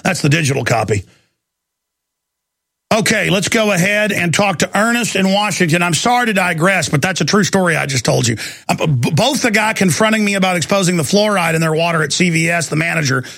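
A man's voice: on the high side, gravelly, a bit bright, dry recording, clean studio sound. A man hosting a radio talk show, rambling through a long digressive rant before taking calls. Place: radio studio.

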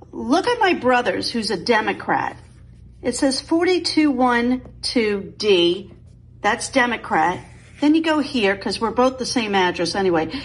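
A woman's voice: fairly high pitch, breathy edge, poor audio. Indignant woman, blunt and complaining. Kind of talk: casual video monologue.

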